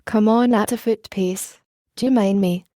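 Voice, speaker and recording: Gruff wary coach guard man, read by a woman, mellow dry voice. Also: medium pitch, steady tone, a little slow, no room sound, natural voice. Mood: threatening. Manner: growling, threatening. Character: gruff armed male coach guard, suspicious.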